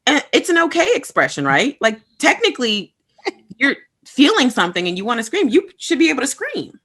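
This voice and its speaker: A woman's voice: high-pitched, sing-song, fairly quick, fairly bright tone, breathy edge. A woman co-hosting a casual podcast, talking emphatically and retelling parenting advice with plenty of fillers. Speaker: podcast co-host. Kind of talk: casual chat.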